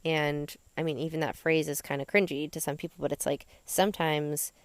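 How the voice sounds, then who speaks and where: A woman's voice: deep voice, steady tone, a little fast, no echo. A young woman hosting a podcast, telling her personal story in a candid, chatty way full of fillers. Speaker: podcast host.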